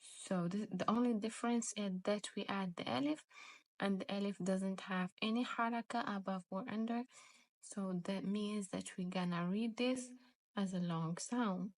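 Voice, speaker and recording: A woman's voice: mid-range voice, moderate pace, no room sound. A woman teaching beginners to read, explaining step by step and repeating each sound twice. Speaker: Arabic teacher. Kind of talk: slow step-by-step reading lesson.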